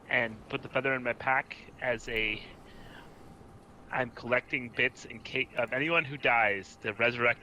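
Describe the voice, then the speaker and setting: Casting: male player, very bright and sharp tone, matter-of-fact. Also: medium pitch, muffled recording, slight background noise. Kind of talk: describing character actions in a tabletop game.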